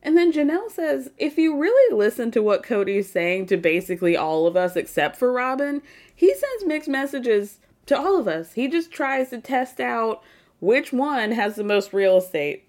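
Woman podcast host, slightly high voice, sarcastic, profane, casual recap. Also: normal speed. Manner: sarcastic, animated, swears freely.

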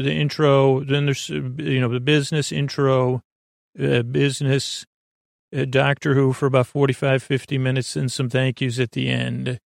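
A man hosting a sleep podcast, talking in a creaky, lulling, meandering way full of tangents and restarts. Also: medium pitch, no echo, studio quality. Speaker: podcast host. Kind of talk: rambling bedtime talk.

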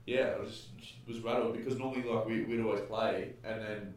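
A young man talks as a podcast guest, rambling and restarting as he tells stories in plenty of slang. His voice sits fairly low. He is picked up from a distance, in a very echoey room. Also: steady tone, darkish tone, slight background noise. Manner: rambling, halting storytelling with slang. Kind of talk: casual chat. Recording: roomy echo, mic at a distance.

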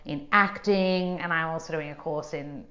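Bubbly woman guest, low-ish voice. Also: normal speed, sharp tone, muffled recording. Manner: bubbly, chatty, laughs often. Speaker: podcast guest. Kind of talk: casual chat.

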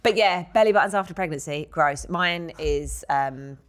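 A woman's voice: low-pitched, moderate pace. A woman, co-hosting a casual podcast, reading out listener letters and laughing through them. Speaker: podcast co-host.

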